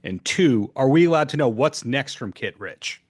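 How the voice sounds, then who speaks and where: Male interview host, friendly chuckling manner, mid pitch, video-call audio. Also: expressive, normal speed, slightly rough. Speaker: podcast host. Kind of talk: interview questions.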